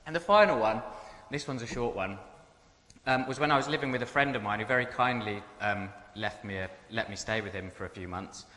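A man with a mid-range voice tells funny personal stories to an audience, speaking a little fast in a pushed, bright tone. He is chatty and self-mocking, and the echoey hall adds a long reverb.

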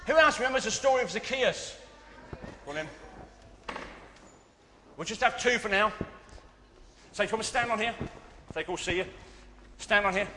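A man's voice: sits high, expressive, normal speed, long pauses, sharp tone, a little hiss or hum. A man leading a church children's club and speaking earnestly to a congregation, with fillers and restarts. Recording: long reverb of a big hall.

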